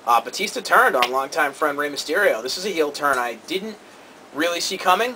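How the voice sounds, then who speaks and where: A man co-hosting a casual talk show, giving quick, opinionated takes with lots of energy. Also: fairly high pitch, expressive, noisy background. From Cambridge area. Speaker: co-host.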